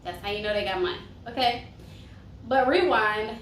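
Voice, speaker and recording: A woman's voice: on the high side, normal speed, a bit bright. A young woman chatting casually as she reviews a reality TV show, sassy and full of tangents. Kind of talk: casual chat. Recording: roomy echo, mic far off, faint hiss.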